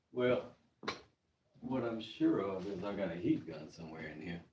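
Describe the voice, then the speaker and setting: Laid-back guy streaming his workshop build, slow talker, swoopy voice, noisy background. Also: deep voice, sing-song. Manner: laid-back, joking, reads chat aloud. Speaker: maker streaming a craft project. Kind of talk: casual live-stream chat while working.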